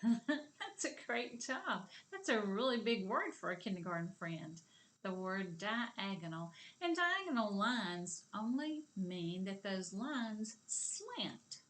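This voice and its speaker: A woman with a Southern American accent teaching a kindergarten video lesson, speaking slowly and encouragingly and stretching sentences out word by word. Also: medium pitch, sing-song, fairly bright tone. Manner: slow, drawn-out, encouraging, claps words aloud.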